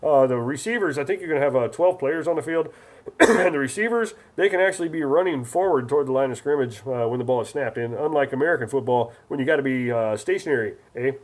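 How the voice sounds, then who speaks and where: A man's voice: mid-range voice, fast, voice pushed down, close to an everyday voice. A man putting on a folksy, teasing mock Canadian guy who ends his lines with "eh".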